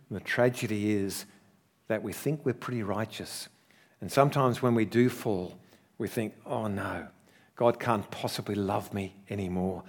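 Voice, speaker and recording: Earnest pastor preaching a sermon. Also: male voice, lowish voice. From Australia. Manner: earnest storytelling with swelling emphasis and soft, slowed asides.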